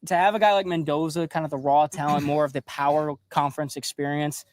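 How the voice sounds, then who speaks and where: A man's voice: a little high, level tone, fast, no room sound. Young guy chatting football, loose and conversational, dry close mic. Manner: conversational, many fillers. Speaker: sports show co-host. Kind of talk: sports analysis chat.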